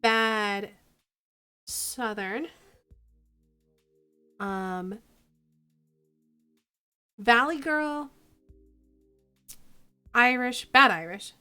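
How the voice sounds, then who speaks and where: A playful woman streamer chatting with her viewers, laughing easily. Her voice sits fairly high, with faint music playing behind her. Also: drawn-out words, long pauses, sharp tone, clean tone. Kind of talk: casual game-stream chat.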